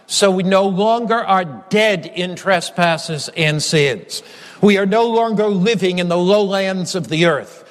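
A male preacher delivering a sermon in a measured, emphatic way, building repeated refrains. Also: high-pitched. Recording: long hall reverb.

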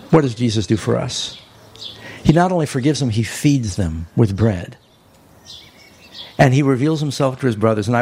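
A man preaching a sermon, telling a story with animated bursts of emphasis. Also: medium pitch, slight background noise.

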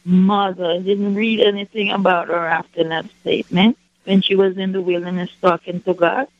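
A woman's voice: on the low side, flat delivery, moderate pace, no room sound. A woman from New York calling into a radio show, politely asking a question. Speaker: caller. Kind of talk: phoning in a question. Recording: muffled lo-fi phone line.

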